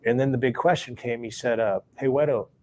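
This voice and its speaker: There's a little hiss or hum behind this man's medium-pitched, brisk voice as he, a former sports bookie, tells a long story casually. He acts out recalled dialogue in a relaxed way and chuckles between lines.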